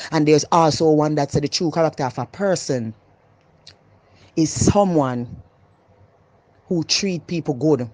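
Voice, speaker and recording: Jamaican woman vlogger, loud, animated and emphatic, dry close sound. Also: a bass voice, no room sound. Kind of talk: casual opinionated monologue.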